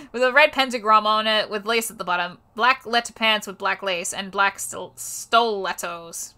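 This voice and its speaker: Bright-voiced woman reading, swearing as she goes. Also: mid-range voice, moderate pace, hardly any pauses. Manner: swears and stumbles over words, breaks off into exasperated asides. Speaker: streamer. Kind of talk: comic reading of a fanfiction on a livestream.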